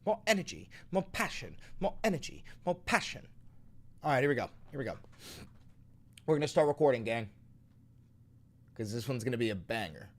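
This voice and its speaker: Guy streaming from home, jokey and loose, cusses a lot, chats with viewers, gets loud then quiet. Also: mid-range voice, very animated, moderate pace, long pauses. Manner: loose and joking, swearing, talks to chat. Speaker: livestream host. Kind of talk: casual livestream chat. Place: home room. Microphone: studio microphone.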